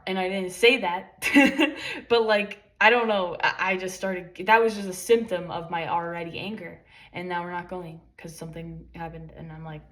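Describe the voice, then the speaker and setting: A woman's voice: on the low side, fairly quick, fairly bright tone. A woman vlogger giving a rambling, emphatic motivational talk full of swearing. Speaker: spiritual vlogger. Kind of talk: casual motivational monologue.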